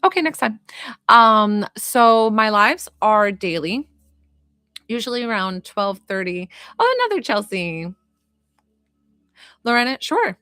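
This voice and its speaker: Woman, spiritual healer, live stream, soft and soothing, many fillers, dry close sound. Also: fairly high pitch, sing-song, clear, resonant tone, no room sound, soft background music. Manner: gentle, soothing, unhurried with frequent fillers. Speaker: medium and energy healer. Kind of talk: live-stream reading and healing session.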